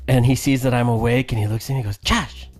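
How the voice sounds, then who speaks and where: A man's voice: mid-range voice, fairly even intonation, very fast, a little mellow, faint music behind. A man in his thirties, raised in Samoa, co-hosting a podcast in casual storytelling chat, rambling and laughing, with frank swearing. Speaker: podcast co-host.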